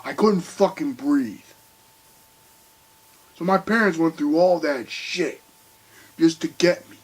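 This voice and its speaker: A young man ranting heatedly to camera, swearing often and swinging between loud outbursts and quiet bitterness. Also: fairly high pitch, slow, husky, low-quality recording. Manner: heated, swearing, voice rising and falling sharply. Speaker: video commentator. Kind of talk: angry rant to camera.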